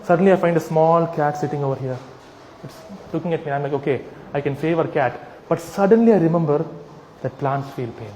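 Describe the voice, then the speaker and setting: A man's voice: a little high, brisk, dark tone, roomy sound, in a large hall, a little hiss or hum, rough recording. A man addressing a live audience, arguing with rhetorical questions and acted-out scenarios, sometimes mocking voices. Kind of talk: animated persuasive talk with acted-out scenarios.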